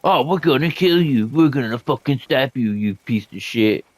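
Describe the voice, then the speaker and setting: A man's voice: lowish voice, brisk, natural voice. A man mimicking a gang of rude male enemy thugs from a video game, crude and taunting.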